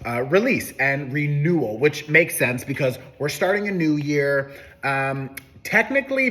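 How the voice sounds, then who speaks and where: A man's voice: medium pitch, fairly bright tone. A man giving a casual, upbeat horoscope and tarot reading, talking loosely with plenty of fillers. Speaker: tarot reader.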